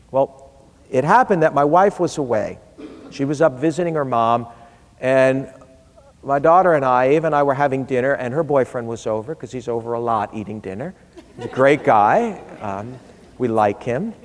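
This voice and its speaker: A middle-aged man giving a speech, telling a humorous family story in a conversational way and voicing the people he quotes. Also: mid-range voice. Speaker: public speaker. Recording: long reverb of a large hall.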